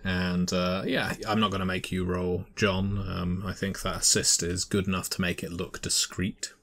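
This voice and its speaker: A man narrating a tabletop horror game as game master, describing scenes in a measured way. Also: sits low, level tone, vocal fry, a bit bright.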